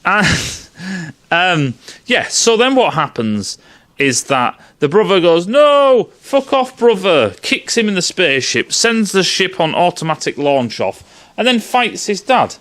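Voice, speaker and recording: A man's voice: sits high, sing-song, a little slow, a bit bright. A man ranting sarcastically and profanely in a casual film review.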